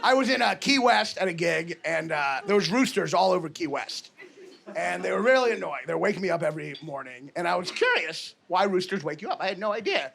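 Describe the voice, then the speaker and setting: A male stand-up comedian tells stories on stage in a high, gravelly voice, with punchy, exaggerated asides. He speaks into a handheld mic, and a loud live crowd laughs behind him. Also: sing-song, a little fast.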